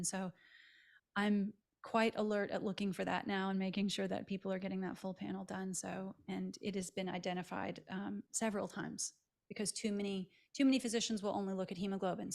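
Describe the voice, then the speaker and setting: A woman's voice: mid-range voice, vocal fry. A woman physical therapist speaking as a guest in a casual interview, giving advice in a conversational way. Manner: conversational, advising.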